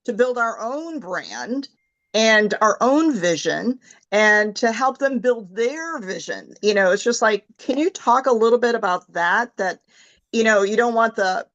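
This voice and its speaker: Slow-talking woman host, dull dry audio. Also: fairly high pitch, no room sound. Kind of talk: casual interview on a call.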